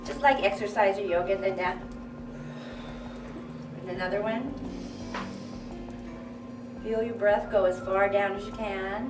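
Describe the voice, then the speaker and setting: A woman coaches a group in an echoey room, her pitch medium and her tone steady, speaking at a measured pace with frequent pauses. As workshop coach she encourages the crowd standing before her, leading group exercises and loud counting drills, captured from afar with music playing.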